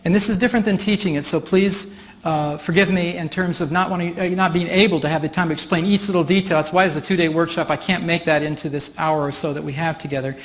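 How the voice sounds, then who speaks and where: A man's voice: fairly high pitch, steady tone, fast talker. Man explaining a process on stage. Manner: explanatory, chatty, often laughing. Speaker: workshop facilitator. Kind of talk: live workshop demonstration. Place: stage before an audience.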